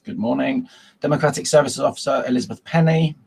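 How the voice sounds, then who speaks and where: A man's voice: medium pitch, quick pace, creaky, darkish tone, breathy edge. A man chairing a formal council meeting over a video call, working through procedure with frequent ums and uhs.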